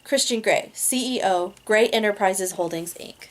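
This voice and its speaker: A woman's voice: mid-range voice, a little slow. A woman reading a romance novel aloud in a casual amateur way, laughing at her own slips. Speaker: reader.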